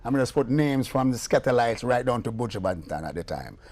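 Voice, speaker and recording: A man's voice: mid-range voice, a little fast. An older Jamaican man, a veteran music producer, telling stories in a casual interview and acting out the voices in them. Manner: animated, acts out voices in anecdotes.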